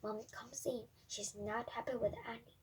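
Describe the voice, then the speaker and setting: A woman's voice: fairly high pitch, steady tone, normal speed, breathy edge. A woman reading a children's storybook aloud carefully, with small slips and restarts. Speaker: storybook reader.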